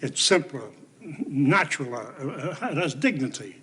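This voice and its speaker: A wry, understated old grandfather in a 1970s TV soap opera. His older voice is husky, and his pitch rises and falls a lot as he talks. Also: animated, a little slow, a bit bright, full character voice. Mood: musing. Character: dry-witted old grandfather, wry and plain.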